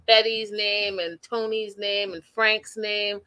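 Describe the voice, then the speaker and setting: A woman hosting a casual recap chat over a video call, animated and talking straight to her co-host. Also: mid-range voice, slow, smooth. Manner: animated, acts out quotes, addresses co-host by name. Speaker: podcast host.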